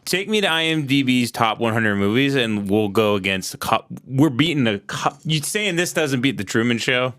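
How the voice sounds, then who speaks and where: A man's voice: mid-range voice, expressive, moderate pace, few pauses, a bit bright, no room sound. A man hosting a comedy podcast, teasing his guest in a dry, casual way. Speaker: podcast host.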